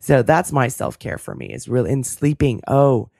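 A woman hosting a podcast with a hoarse, cracking voice, talking in an earnest, thoughtful way. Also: very deep voice, big pitch swings, normal speed, mellow, no room sound, clean studio sound. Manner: earnest, thoughtful, self-deprecating. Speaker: podcast host. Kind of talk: casual interview chat and solo reflection.

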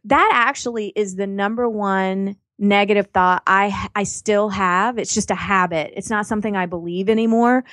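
Woman guest, encouraging and emphatic, dry close mic, mid pitch. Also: fairly even intonation, moderate pace, few pauses, fairly bright tone, no echo. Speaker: podcast guest. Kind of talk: casual interview chat.

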